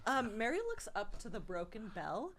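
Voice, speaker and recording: A woman playing a tabletop role-playing game, narrating her character's actions in an animated, laughing way. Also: medium pitch, moderate pace. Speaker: player.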